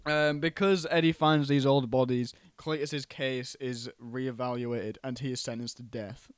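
A man co-hosting a podcast, recapping a film plot in an animated, casual way with plenty of swearing. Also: mid-range voice, unhurried, clear, resonant tone, no room sound. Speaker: podcast co-host.

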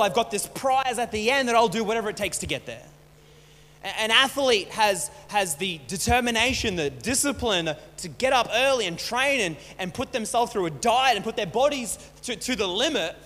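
A man's voice: sits high, animated, moderate pace, a bit bright. A man preaching a casual, conversational sermon as pastor, often repeating and restarting words. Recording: long hall reverb, faint hum.

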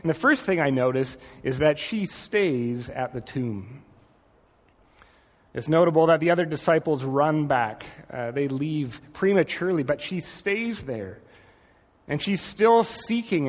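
A man preaching a gentle, reflective sermon, slowing and softening on key phrases. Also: on the high side, in a large hall. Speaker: pastor.

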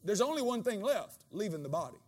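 A man preaching a sermon as pastor, swinging between quiet asides and loud, animated bursts, and acting out quoted dialogue in changed voices. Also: high-pitched, fairly quick.

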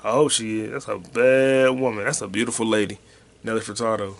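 A man hosting his own podcast in loose, profane, slangy chat, with excited bursts and quiet mutters as he reads comments. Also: lowish voice, fairly quick, vocal fry. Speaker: podcast host. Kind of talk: casual solo podcast chat.

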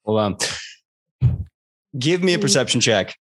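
A man's voice: medium pitch, very animated, unhurried, fairly bright tone. A man narrating as game master in a loose, rambling way. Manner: loose, rambling descriptions with fillers.

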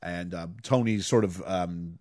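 A man's voice: low-pitched, a little slow, dry recording, studio quality. A man hosting a casual podcast chat, retelling film scenes and acting out lines and humming tunes. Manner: animated storyteller, acts out lines and hums tunes. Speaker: podcast host.

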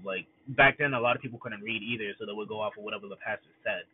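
A man's voice: lowish voice, fast talker. A young man talking in a casual, rambling monologue, full of fillers and restarts. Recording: tinny phone-like audio, faint noise.

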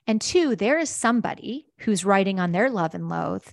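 A woman's voice: mid-range voice, lively intonation, normal speed, vocal fry, few pauses, no echo, clean studio sound. A middle-aged woman, a company founder, answering interview questions enthusiastically and acting out the voices she quotes. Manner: enthusiastic, acts out quoted voices, laughs easily. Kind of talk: animated conversational interview answer.

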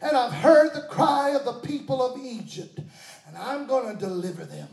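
A solemn, commanding God speaks from a burning bush, as a man voices him in his sermon. The voice is high and rings through an echoey hall. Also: moderate pace, creaky. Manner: solemn proclamation.

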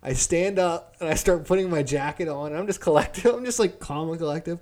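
Young male co-host, slightly high-pitched, profane and animated storyteller. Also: fairly quick. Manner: profane, animated storyteller who acts out quotes. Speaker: podcast co-host. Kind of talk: casual storytelling chat.

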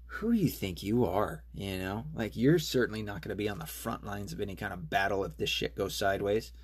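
A man's voice: lowish voice, slightly rough, dry recording. A man hosting his own show, ranting alone, profane and rambling, angry and full of fillers and restarts. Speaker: podcast host. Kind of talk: solo political rant.

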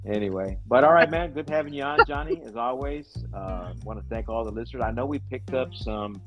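A man's voice: mid-range voice, fairly quick, over music. A man hosting a casual podcast chat, rambling with lots of fillers. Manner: rambling, laid-back, frequent fillers. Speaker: podcast host.

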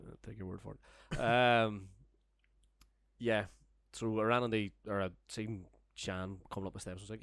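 A man's voice: on the low side, steady tone, normal speed, creaky, fairly bright tone, no echo, studio quality. A young man telling a long, rambling, sweary story in casual chat, laughing as he goes. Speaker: storyteller guest. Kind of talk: casual podcast anecdote.

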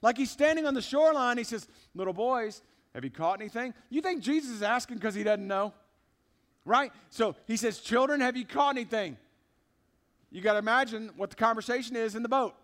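A man's voice: very high-pitched, a little fast, fairly bright tone. A man preaching a sermon in a church service, emphatic and conversational, talking straight to the congregation. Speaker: pastor.

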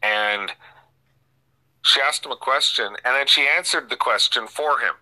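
Bright-voiced male radio talk host. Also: medium pitch, poor audio. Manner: halting, many restarts and fillers. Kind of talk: casual opinionated talk radio.

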